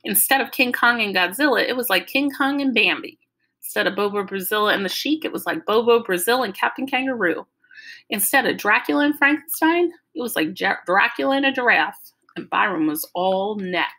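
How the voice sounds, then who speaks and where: Woman reading a novel aloud, expressive storytelling, bright clear voice. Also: medium pitch, a little fast, poor audio. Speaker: audiobook reader.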